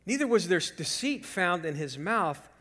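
Male pastor, high voice, dramatic sermon delivery with hushed asides, church reverb. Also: measured pace. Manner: dramatic swings from loud emphasis to hushed whispers; lively storytelling with rhetorical questions. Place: church sanctuary.

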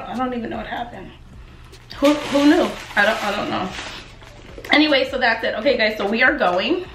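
A woman talks casually to her followers while she gets ready to head out. She rambles from one thing to the next with animated asides. Her voice sits in a middle register, and the room around her rings with a noticeable echo. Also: medium pitch, slight background noise. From United States. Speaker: lifestyle vlogger. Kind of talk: casual chat to camera.

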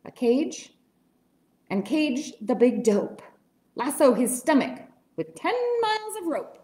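A woman does a rowdy storybook gang of bullies who shout and jeer. The voice rings in an echoey room. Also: high voice, big pitch swings, slow pace, full character voice. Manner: shouting, jeering. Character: rowdy gang of bullying monkeys.

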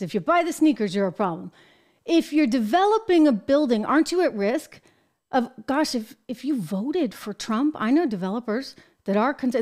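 An American woman hosting a political commentary show, talking in an emphatic, animated way with exasperated asides. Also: high-pitched. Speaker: show host.

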